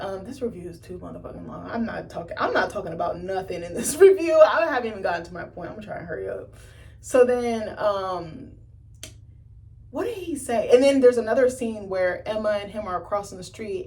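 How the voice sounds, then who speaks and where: An animated woman talks through a film review in loose, casual chat, cursing and laughing as she acts out the scenes. Her voice sits a little back from the mic, so the sound sits a touch distant. She keeps jumping into high, excited replays of the characters' lines.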